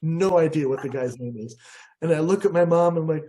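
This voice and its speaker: American guy telling a story, kinda high pitched but mellow, acts out the quotes all squeaky. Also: fairly quick. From USA. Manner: animated, acts out quotes with big pitch jumps. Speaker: guest speaker. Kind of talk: storytelling presentation.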